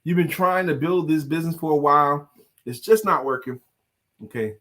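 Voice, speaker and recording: A man's voice: a little high, moderate pace, a bit bright. A man co-hosting a casual talk show, playful and teasing, who laughs often and sings bits of songs. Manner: sings lines of a song. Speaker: co-host. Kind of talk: casual chat.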